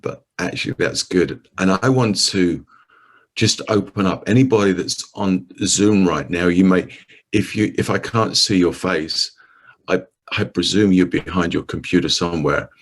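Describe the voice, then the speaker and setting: Deep-voiced man preaching, full of restarts. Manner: storytelling, with many restarts. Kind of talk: sermon over a video call.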